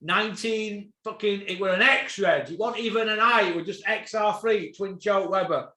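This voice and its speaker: A man hosting a boxing podcast, ranting, swearing and bursting into shouts. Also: high-pitched, normal speed, roomy sound.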